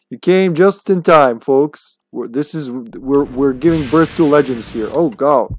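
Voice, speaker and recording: A man's voice: on the high side, sing-song, takes it slowly, no echo, faint music behind, poor audio. A man casually commenting while he plays a video game live, thinking aloud and greeting his viewers.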